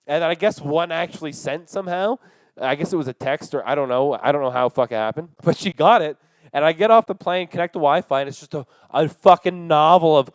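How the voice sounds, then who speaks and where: Smooth-voiced young man telling a profane story. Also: fairly high pitch, lively intonation, a little fast, dry recording, low-quality recording. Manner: rambling and profane, many fillers. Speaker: podcast host. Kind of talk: casual storytelling monologue.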